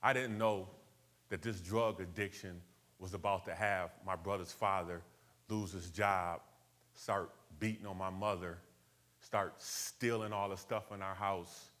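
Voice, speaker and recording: A motivational speaker from Buffalo, USA, tells a personal story to a live audience, speaking conversationally, checking in with the room, and using street slang. His voice sits on the low side with a fairly bright tone.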